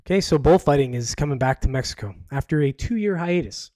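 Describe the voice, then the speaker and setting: A fairly high-pitched man hosting a casual live podcast, reading out news stories and breaking off into sarcastic, rambling asides. The sound is close and dry, with no room around it. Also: animated, brisk, darkish tone, no room sound. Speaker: podcast host.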